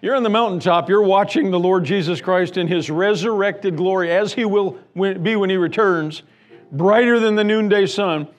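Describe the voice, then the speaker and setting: A man's voice: high-pitched, moderate pace. A man preaching a sermon as pastor, emphatic and fond of repeating words and building lists. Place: church sanctuary.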